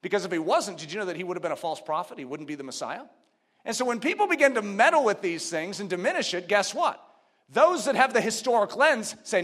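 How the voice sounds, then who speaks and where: A male preacher with a high, ringing voice that swoops up and down as he delivers his sermon. He works through his points with rhetorical questions, then drives them home with forceful, near-shouted exhortations. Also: sing-song, quick pace. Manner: teaching step by step, posing rhetorical questions.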